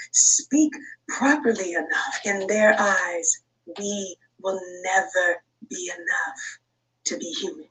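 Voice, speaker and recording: A woman reading a prepared commentary in a measured, firm and serious way. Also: mid-range voice, slight background noise. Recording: distant from mic.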